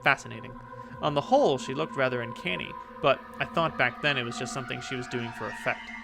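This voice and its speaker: A man reading the lines of a suspicious young nobleman heir from a game, in his own gravelly voice. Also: mid-range voice, quick pace, noisy background, natural voice. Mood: uneasy. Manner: reads game dialogue aloud in his own voice.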